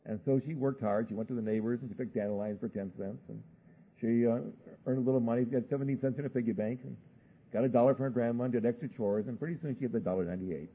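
Husky-voiced preacher on a muffled phone-like recording. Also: male voice, mid-range voice. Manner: folksy storytelling, slow searching questions. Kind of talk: sermon with illustrative stories.

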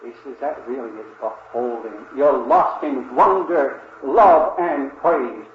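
An older man preaching a sermon in an earnest, reverent manner, speaking slowly and often pausing with "uh" to address his listeners as dear friends. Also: mid-range voice. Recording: dull roomy old recording with faint hiss.

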